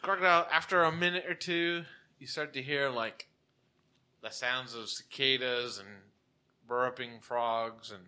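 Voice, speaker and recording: A man's voice: medium pitch, fairly even intonation, unhurried, bright, forceful tone, clear, resonant tone. A man narrating a tabletop game as game master in a casual way, laughing often as he describes the scene.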